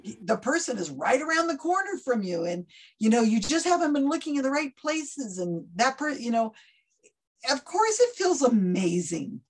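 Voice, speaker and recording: A woman talking casually in an interview, animated and quick to act out other people's voices as she tells a story. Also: high voice, a little hiss or hum. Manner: animated, acts out quoted voices mid-story. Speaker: guest skeptic of psychics. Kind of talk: conversational interview.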